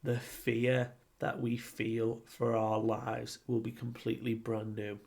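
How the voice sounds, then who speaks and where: A man's voice: medium pitch, gravelly, a little mellow. A young man chatting casually through a comic chapter recap, full of fillers and acted-out quotes. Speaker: anime and manga reviewer.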